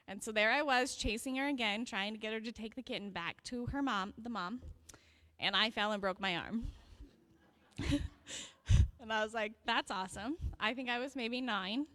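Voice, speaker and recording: A woman's voice: fairly high pitch, normal speed, bright, forceful tone. A young woman recalling fond childhood stories about her cousin at a memorial, with light laughter. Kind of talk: memorial remembrance speech. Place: memorial gathering.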